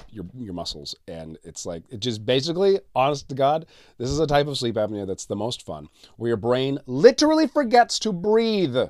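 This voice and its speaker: A man's voice: mid-range voice, no echo, studio quality. A middle-aged man hosting his solo podcast, talking casually with sarcasm, frequent swearing and laughs at his own jokes. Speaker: podcast host. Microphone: studio mic.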